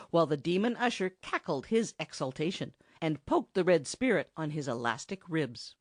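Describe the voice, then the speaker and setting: A woman reading a children's storybook aloud in an expressive narrating style. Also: lowish voice, no echo, clean studio sound. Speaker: audiobook narrator.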